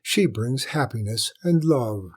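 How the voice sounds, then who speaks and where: A man voicing a sly, knowing male court jester in a storybook reading, with a courtly, measured manner. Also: medium pitch, lively intonation, darkish tone, slightly rough.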